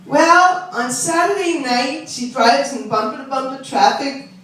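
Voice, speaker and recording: A woman comedian voicing a loud, boastful older mother gossiping at a beauty parlor. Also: high voice, a little slow. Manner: loud, boastful, shouting across the room. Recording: echoey room from far off.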